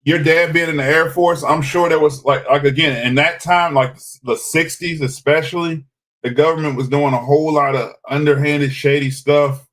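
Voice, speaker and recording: A man co-hosting a live podcast chats casually in a live-stream setting, rambling with hesitant restarts and turning defensive when teased. His voice is on the high side and a bit bright, with fairly even intonation at a moderate pace.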